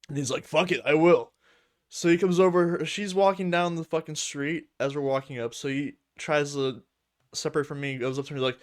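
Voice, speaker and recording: A man co-hosting a podcast, telling crude, swearing anecdotes in a lively, animated way. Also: fairly high pitch, moderate pace. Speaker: podcast co-host. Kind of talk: casual chat, storytelling.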